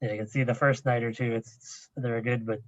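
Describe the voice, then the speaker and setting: A man's voice: mid-range voice, level tone, dry recording. Hesitant man moderating over dull call audio. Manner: hesitant, halting, many fillers. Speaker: seminar moderator. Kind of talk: moderating questions. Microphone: video call.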